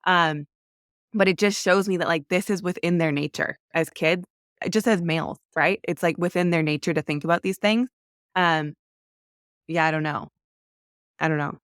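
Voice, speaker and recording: A woman's voice: on the low side, steady tone, moderate pace, long pauses, a bit bright, clear, resonant tone, no echo, studio quality. A woman in her thirties, a podcast guest, telling her story candidly and earnestly, with many "like" fillers.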